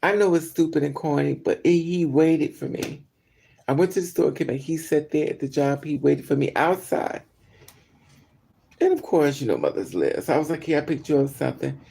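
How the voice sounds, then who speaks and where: A man tells a personal story to his livestream audience in a casual, candid way, talking straight to them and answering their comments. His voice sits a bit high for a man but has a dark, mellow tone. A gravelly, creaky edge runs through his speech. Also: expressive, normal speed, slight background noise. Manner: candid, chatty, talks straight to viewers. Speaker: vlogger.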